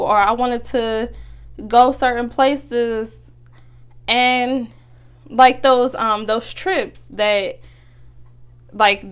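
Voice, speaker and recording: Earnest chatty woman, slightly high voice. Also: smooth. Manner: chatty, earnest, lots of fillers and restarts. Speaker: podcast host. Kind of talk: casual motivational talk.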